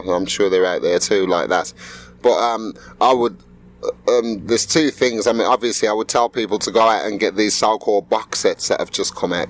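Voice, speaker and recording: A middle-aged man, a musician being interviewed, talking in a relaxed, rambling way with many fillers. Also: on the low side. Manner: laid-back, rambling storyteller with fillers. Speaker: musician guest. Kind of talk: casual interview.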